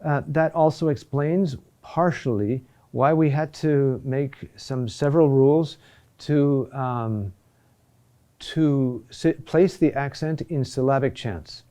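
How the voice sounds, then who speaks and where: A man teaching a recorded lesson on chant rhythm, talking deliberately with pauses and "huh?" checks. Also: medium pitch, dark tone.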